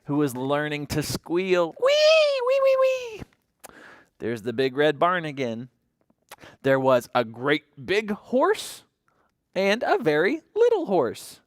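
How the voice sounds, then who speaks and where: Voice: medium pitch, very animated, slow, no room sound, clean studio sound. A children's librarian reading a picture book aloud to toddlers, imitating animal sounds and asking the children questions.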